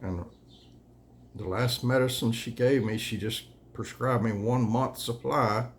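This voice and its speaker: A man, hosting his own channel in a folksy, rambling, complaining monologue, often coughing and clearing his throat. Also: mid-range voice, unhurried, a little hiss or hum. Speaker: channel host.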